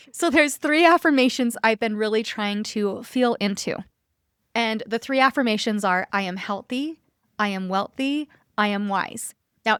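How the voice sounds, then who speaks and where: A woman's voice: a little high, no room sound, studio quality. A woman in her thirties hosting a self-help podcast, coaching listeners in an encouraging way and regularly checking in with them. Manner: guides listeners through reflection.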